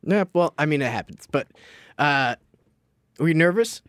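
A man co-hosting a casual after-show in a radio studio, joking and teasing in a relaxed chat. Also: fairly high pitch, normal speed, no room sound. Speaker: show producer and after-show host.

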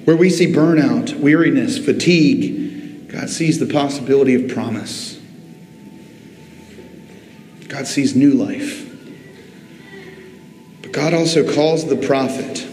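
A man preaching a sermon as pastor, rising and slowing for drama, calling out to the congregation. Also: medium pitch, darkish tone, soft background music. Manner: preaching with dramatic rises and drawn-out pauses. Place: church sanctuary. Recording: echoey church hall.

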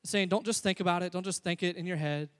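A man preaching a sermon as a pastor, energetic and building to near shouts. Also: high-pitched, quick pace. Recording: long hall reverb.

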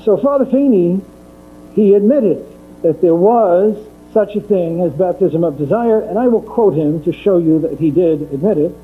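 A man's voice: high voice, moderate pace, soft background music. A man giving a methodical theology lecture, repeating his key points for emphasis. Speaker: Catholic lecturer. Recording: tinny phone-like recording with mains hum.

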